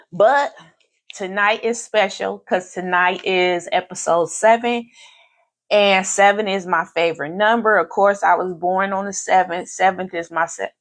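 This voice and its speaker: A podcast host with a lowish, fairly bright voice leads a casual live-stream chat. Effusive and grateful, with a faith-filled manner, she repeats phrases for emphasis.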